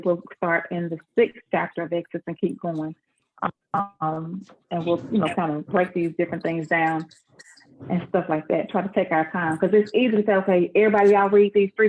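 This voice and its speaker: A woman leads an informal Bible class over a video call. She talks easily and plainly, in a folksy, unhurried way. Her voice comes through a narrow, phone-like line. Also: on the low side. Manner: folksy and conversational, with a relaxed dialect.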